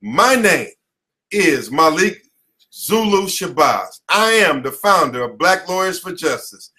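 Speaking slowly in a fairly high, sing-song voice with a sharp tone, an American attorney lectures a class at his office headquarters. He's impassioned, preachy, and emphatic, hammering home the same slogans indoors.

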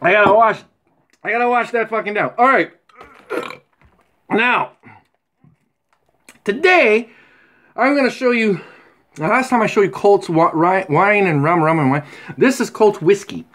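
A middle-aged man rambling crudely in a casual vlog, swearing constantly with rough humor. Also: sits high, unhurried, pauses often, fairly bright tone. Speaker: vlogger. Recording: faint background noise.

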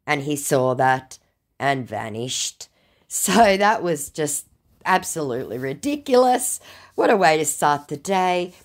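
A woman's voice: deep voice, big pitch swings, a little slow. A woman host sarcastically retelling a chat with a scammer in a mocking tone. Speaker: scam-baiting video host.

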